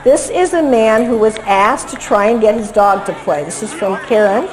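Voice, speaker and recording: A woman lecturing on dog behavior over video clips, lively and acting out what the dogs seem to think. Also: on the high side, normal speed, low-quality recording. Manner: lively, acts out dogs' thoughts in quotes.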